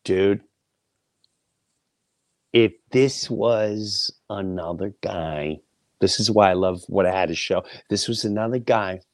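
A man's voice: deep voice, slow pace, pauses often, no echo, studio quality. A middle-aged man hosting a podcast, telling a personal story in a blunt, profane, casual way and acting out the people he quotes. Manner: animated, acts out quoted voices, blunt and profane. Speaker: podcast host.

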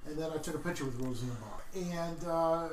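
A man's voice: fairly high pitch, a little fast. Man sounding distant in a roomy space. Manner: relaxed, reminiscing, asks questions. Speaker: podcast guest. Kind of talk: casual chat. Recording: roomy, distant mic, faint background noise.

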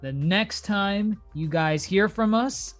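A man's voice: sits high, takes it slowly, soft background music. A man hosting a casual podcast, chatting loosely and laughing often as he wraps up the episode. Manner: laughing, loose and animated sign-off. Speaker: podcast host.

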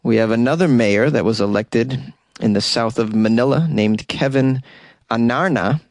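A man's voice: mid-range voice, moderate pace, a little mellow. A male host reads odd news stories in a casual, joking way, breaking off for wry asides and chuckling at his own jokes. He trips over unfamiliar names and keeps going. The sound is close and dry, with almost no room echo. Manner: stumbles over foreign names. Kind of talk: casual comedic news commentary.

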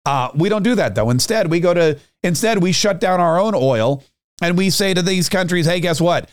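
Guy ranting about politics on his podcast, sarcastic, kinda high voice, dry close mic. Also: animated, normal speed, no room sound. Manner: rambling, sarcastic, opinionated. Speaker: podcast host. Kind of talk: political commentary monologue.

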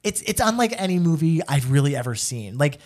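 A young man co-hosting a casual podcast, gushing enthusiastically with lots of fillers. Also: on the high side. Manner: gushing, rapid and animated, many fillers. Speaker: podcast co-host. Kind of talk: casual chat.

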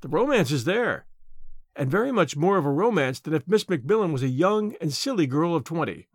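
A man's voice: fairly high pitch, sing-song, brisk, no echo, studio quality. Romantic gushing lady on a ship, eager and emphatic, read by a man, storybook reading.

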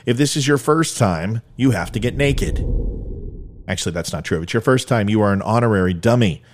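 A man hosting his own podcast, talking solo in a joking, sarcastic way with quick asides. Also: lowish voice, lively intonation, a little hiss or hum. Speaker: podcast host. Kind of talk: solo comedic podcast monologue.

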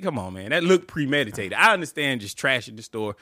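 Male podcast co-host, bright voice with wild pitch swings, profane laughing rants. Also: a little fast, no echo, clean studio sound. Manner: animated, profane ranting with frequent laughter. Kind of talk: casual podcast chat.

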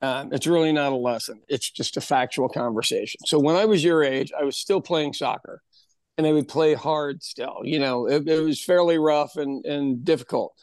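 A man of about sixty co-hosting a podcast, telling stories in an animated, casual way and laughing often. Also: a little high, moderate pace, no room sound, studio quality. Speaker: podcast co-host, pub owner. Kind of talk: casual chat.

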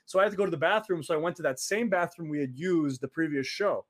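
A man in his twenties, an interview guest telling stories in a lively way, acting out quotes and laughing often. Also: fairly high pitch, fast talker. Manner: animated, acts out quoted voices, laughs often. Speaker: interview guest, former wrestler. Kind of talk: casual storytelling.

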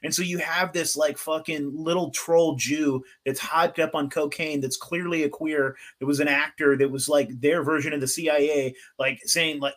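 A man's voice: fairly high pitch, moderate pace, hardly any pauses. A young man in casual podcast chat, swearing freely and laughing as he talks. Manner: profane, laughing, excitable. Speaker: podcast co-host or guest.

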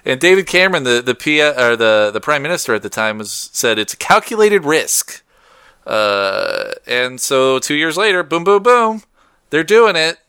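A man's voice: medium pitch, big pitch swings, moderate pace, sharp tone, clear, resonant tone, no echo, studio quality. A man co-hosting a casual talk show, rambling and correcting himself as he goes. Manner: rambling, self-correcting, laughs often. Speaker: podcast co-host. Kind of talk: casual chat.

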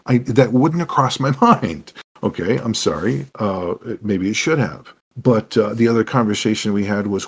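Husky, low-voiced man telling a story. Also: normal speed, few pauses. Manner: rambling, animated storyteller with restarts and asides. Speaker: guest, game master. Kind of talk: podcast conversation, telling stories.

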